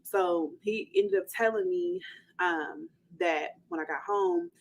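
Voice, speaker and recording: A woman vlogger telling a personal story in a casual, animated way, full of fillers and quoted dialogue. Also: on the low side, slow pace, poor audio. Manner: animated retelling, quoting others, many fillers.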